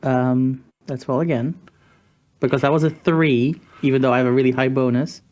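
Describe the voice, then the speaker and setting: A player at a tabletop game with a middle-pitched voice. They halt and restart sentences often while describing what their character does. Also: steady tone, darkish tone. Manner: hesitant, halting restarts. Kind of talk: casual tabletop play.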